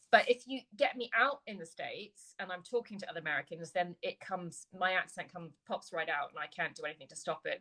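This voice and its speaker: Bright-voiced English woman host. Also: on the low side, low-quality recording. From England, with childhood years in California. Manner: chatty and upbeat, quick to agree. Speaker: host interviewing an author. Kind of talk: casual video-call chat.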